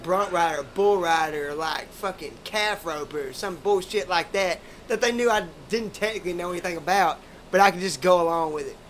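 A man's voice: high-pitched, fairly bright tone, a little hiss or hum. A man, hosting a podcast and telling rambling, profane stories in casual chat. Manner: profane, rambling, laid-back drawl.

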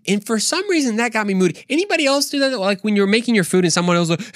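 A young adult man hosting his own podcast, giving a casual devotional talk in an animated, slangy, conversational way. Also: high-pitched, fast, no room sound, studio quality. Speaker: podcast host.

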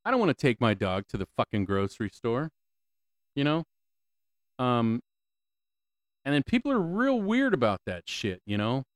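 A man's voice: mid-range voice, very animated, normal speed, pauses often, no room sound, clean studio sound. Profane, exasperated ranting man. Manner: stammering restarts. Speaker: podcast host. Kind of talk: solo ranting podcast.

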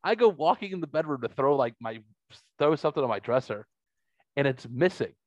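A man's voice: mid-range voice, a little fast, dry recording, muffled recording. A man in his thirties hosts a casual podcast, telling stories with lots of energy and plenty of laughter. His voice sounds dry and close, with no room around it, and he swears freely along the way. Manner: animated storyteller, laughs often, swears freely. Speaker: podcast host.

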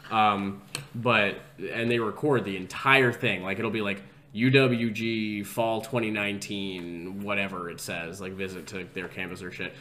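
A man's voice: lowish voice, fairly even intonation, measured pace, pushed and bright, a little hiss or hum. A young adult man co-hosting a podcast in casual chat, telling a rambling story full of "like" fillers. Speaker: podcast co-host.

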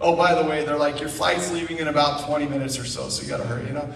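Man, guest speaker, animated storytelling, high voice, distant mic, echoey sanctuary. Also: very fast, gravelly. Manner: animated, self-mocking, acts out dialogue. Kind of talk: storytelling testimony. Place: church sanctuary. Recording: echoey church hall from far off.

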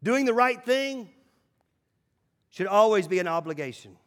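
Man, pastor, sermon, emphatic, loud and hushed by turns, high voice, echoing sanctuary. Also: lively intonation, unhurried. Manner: emphatic, swinging between loud calls and hushed asides. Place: church sanctuary.

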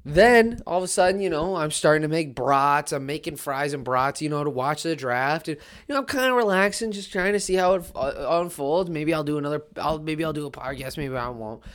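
A woman hosting a solo sports podcast, talking in an excitable, emphatic rant that keeps repeating its key phrases. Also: sits low, fairly quick, hardly any pauses.

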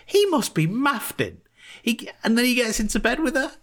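A man's voice: very high voice, sing-song, a bit bright. A man co-hosting a podcast, chatting casually in a playful, teasing way. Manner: playful, teasing, quick to laugh. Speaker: podcast co-host. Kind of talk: casual chat.

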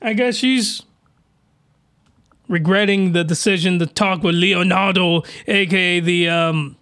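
A man hosting a podcast, giving crude, animated reaction commentary that often rises into excited yelling. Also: high voice, a little slow, smooth. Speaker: podcast host.

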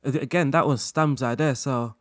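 A man's voice: medium pitch, moderate pace, no room sound. Laid-back man chatting on a dry mic. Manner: relaxed, laughs often, loose run-on sentences with many fillers. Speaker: guest content creator. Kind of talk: casual interview chat.

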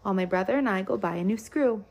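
A woman's voice: mid-range voice, fast talker, darkish tone, slightly rough. A woman voicing an eager, helpful young boy who urges his brother on. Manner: eager, insistent.

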